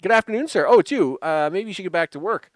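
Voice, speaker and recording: A man voicing a brisk, dry male hotel clerk who hands out uniforms and keys. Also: high-pitched, lively intonation, no echo.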